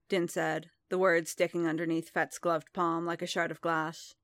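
A woman narrating a story in a measured, intimate reading. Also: deep voice, little pitch movement, dry recording. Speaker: reader. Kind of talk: scripted narration of fan fiction.

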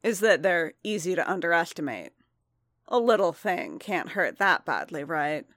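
A woman reading the lines of a mild, teasing male bounty hunter who stays in control, in her own low, dry voice. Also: big pitch swings, normal speed, a bit bright, no echo.

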